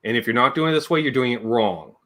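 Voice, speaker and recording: A man telling casual stories as a livestream guest. His voice is bright and very animated, and the stories ramble along, full of jokes and quick imitations of his relatives. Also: mid-range voice, slight background noise.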